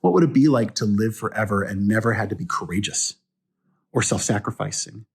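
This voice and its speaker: A man's voice: fairly low pitch, a little fast, creaky, husky. A male pastor giving a casual devotional talk from home, speaking conversationally and putting questions to the viewer. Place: at home indoors.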